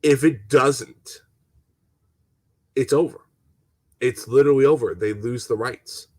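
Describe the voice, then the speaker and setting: A man's voice: mid-range voice, slow, darkish tone, slightly rough, no echo. Heated, swearing man ranting on stream. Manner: heated, swearing, stammering restarts; talks to viewers and reads chat comments. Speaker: gaming channel host. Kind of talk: casual live-stream rant.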